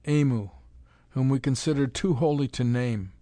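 A man's voice: mid-range voice, normal speed, mellow, no echo, lightly acted. Guy doing a wronged man turned beast, anguished and bitter, raised and raw, dry close sound. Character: proud young man, changed into a beast.

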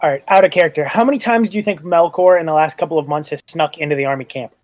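A man's voice: on the high side, very fast, dry recording. A man playing a character in a tabletop game, joking and eager in casual banter. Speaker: player.

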